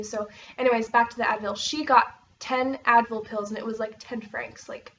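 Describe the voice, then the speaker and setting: A woman's voice: a little high, fairly bright tone, far from the mic, muffled recording, slight background noise. A young American woman from Oregon chatting casually to camera, rambling with lots of fillers and bubbly bursts. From Oregon, USA. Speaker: vlogger.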